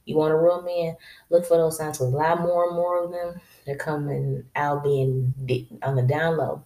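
A woman's voice: low-pitched, fairly even intonation, moderate pace, dark tone. A woman hosting a casual solo podcast, giving blunt, straight-talking advice to women in a drawling, slangy way and laughing to herself. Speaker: podcast host.

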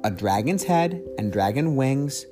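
A young man, a parent, reading a picture book aloud to his child in an animated, sing-song way and asking her questions. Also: medium pitch, unhurried. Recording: music playing underneath. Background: music.

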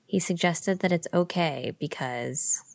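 A woman's voice: on the low side, a little slow, vocal fry, darkish tone, dry recording. A woman co-hosting a podcast, chatting casually and reading the news in a playful way, often laughing. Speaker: podcast co-host.

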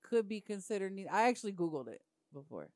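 A woman's voice: medium pitch, big pitch swings, quick pace, darkish tone, no echo, studio quality. A woman in a casual chat, rambling and giggly, poking fun at herself. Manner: giggly, rambling, self-mocking.

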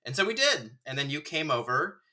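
A man's voice: a little high, fairly quick. A man chatting casually with a friend, telling stories with lots of laughter and acted-out quotes. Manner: animated storyteller, acts out quotes, laughs often. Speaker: friend and fellow actor. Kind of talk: casual chat, reminiscing.

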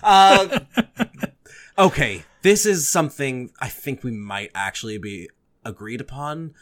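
A man co-hosts a casual podcast, joking and swearing easily as he talks. His voice sits at an ordinary middle pitch, and he often breaks into laughter. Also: animated, a little slow. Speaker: podcast co-host.

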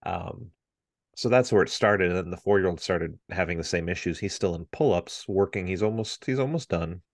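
A man in his thirties with a deep, low voice tells a family story as a podcast co-host. He is animated and slips into his relatives' voices as he goes. The sound is dry and close, with no room echo. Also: normal speed. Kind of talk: casual chat.

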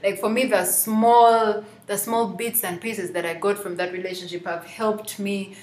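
A woman's voice: mid-range voice, steady tone, unhurried, darkish tone, echoey room. A woman hosting a Christian podcast, talking reflectively with many fillers. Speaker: podcast host.

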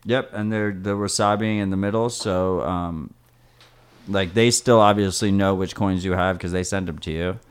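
A man's voice: low-pitched, steady tone, normal speed, clear, resonant tone. A man co-hosting a podcast in casual chat, explaining at length and saying "like" a lot. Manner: explains at length, uses "like" often. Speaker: podcast co-host.

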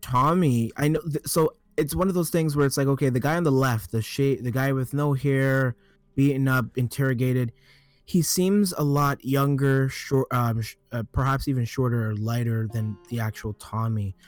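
A man co-hosting a casual gaming talk show, talking in halting starts and restarts as he reasons things through. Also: medium pitch, steady tone, dry recording, faint music behind. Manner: halting, restarts, thinks aloud. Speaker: podcast co-host.

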